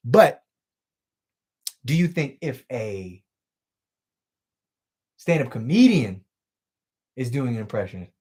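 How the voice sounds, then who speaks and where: Lively, loose-talking male streamer. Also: mid-range voice, takes it slowly, pauses often, husky. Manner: loose and profane, reads out chat comments. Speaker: livestream host. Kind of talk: casual chat with stream viewers.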